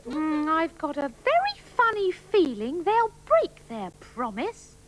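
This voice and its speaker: A bossy high-pitched puppet panda. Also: female voice, wildly swooping pitch, slow, a little hiss or hum, exaggerated voice, low-quality recording. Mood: scheming. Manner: prim, lecturing, sly. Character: bossy health-obsessed female puppet panda.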